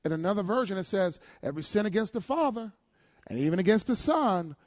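A man preaching a sermon, calling out to his congregation and swinging between loud declarations and hushed asides. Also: sits high, lively intonation, fairly quick.

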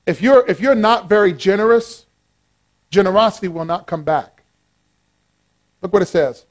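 A man preaching a sermon, animated and playful, swinging from loud exclamations to low asides and joking with the congregation. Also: moderate pace, pauses often. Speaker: pastor.

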